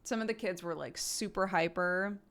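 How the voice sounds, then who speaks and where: A woman's voice: lowish voice, moderate pace, a bit bright. A woman in her thirties streaming at home, telling a rambling anecdote to her chat with many fillers and acted quotes.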